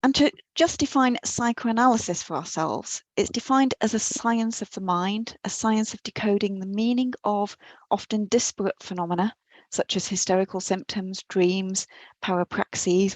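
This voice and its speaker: A woman's voice: mid-range voice, moderate pace, no room sound, poor audio. A woman lecturer giving a guest talk on mythology, earnest and a little self-deprecating, with some restarts, speaking into a computer mic. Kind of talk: academic lecture. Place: her office at home or work, on a computer.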